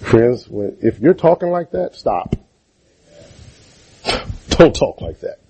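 A man's voice: medium pitch, big pitch swings, slow, darkish tone, husky. A man preaching a sermon in a church, throwing rhetorical questions at the congregation in call-and-response.

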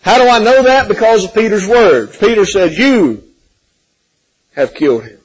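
A man preaching a sermon, swinging from loud pleading questions to hushed, gentle passages, calling listeners friends and repeating words as he builds. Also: high voice, animated, normal speed, husky, poor audio. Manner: impassioned, rising and falling between loud pleading and hushed softness.

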